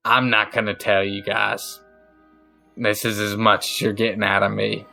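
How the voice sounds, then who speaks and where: A man's voice: on the low side, level tone, normal speed, vocal fry, pushed and bright, faint music behind. A man voicing a defiant male captor who answers with spite and contempt in a tabletop game.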